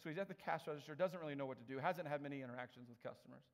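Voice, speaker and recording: A man's voice: a little high, very fast. A man preaching a sermon in a chatty storytelling way, acting out the people in his stories. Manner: conversational storytelling with animated quoted voices. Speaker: pastor. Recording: long reverb of a large hall.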